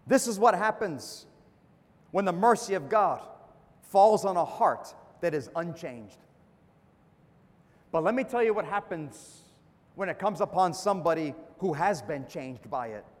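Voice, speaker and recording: A man's voice: high voice, expressive, unhurried, long pauses. A man preaching a sermon as pastor, with emphatic dips and rises and calls for an amen. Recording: long hall reverb.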